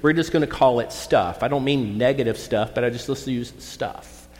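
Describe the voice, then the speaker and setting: A man preaching a sermon as pastor, talking in a folksy, conversational way and reading scripture slowly. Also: medium pitch. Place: church sanctuary. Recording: long church reverb.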